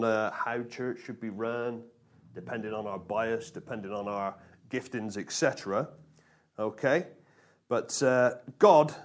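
A man preaching a lively sermon, drawing responses from his congregation and repeating key phrases for emphasis. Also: mid-range voice. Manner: energetic, call-and-response with congregation, emphatic repetition. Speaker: pastor.

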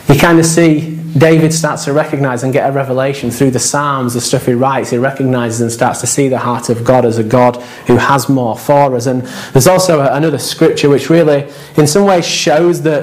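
A male pastor delivers a sermon in a relaxed, conversational way. He tells anecdotes and acts out quoted asides, and his voice sits at an ordinary middle pitch. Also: normal speed.

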